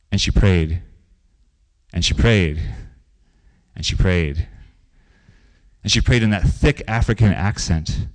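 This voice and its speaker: A man's voice: fairly low pitch, darkish tone. A man preaching a sermon in a conversational way, telling stories and repeating phrases for emphasis. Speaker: pastor.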